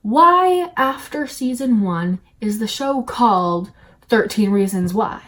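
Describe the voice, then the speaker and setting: A woman giving an opinionated review commentary in a sarcastic, rapid, exasperated way. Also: mid-range voice, animated. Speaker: video reviewer.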